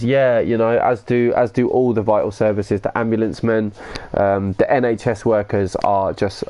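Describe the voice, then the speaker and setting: A man hosting a live gaming stream, talking loosely and excitably as he plays. He reads out viewer comments and answers them in slangy banter, with the odd swear word thrown in. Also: fairly low pitch, normal speed.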